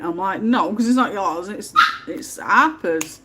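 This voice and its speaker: A woman's voice: fairly low pitch, slow pace, very noisy. A woman, hosting a casual livestream at home and telling stories in a chatty way, laughing often. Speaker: livestream host.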